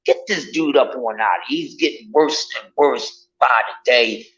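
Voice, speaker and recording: A man ranting casually to his viewers, in an animated, profane and mocking way. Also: medium pitch, measured pace. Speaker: vlogger. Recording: dull lo-fi audio.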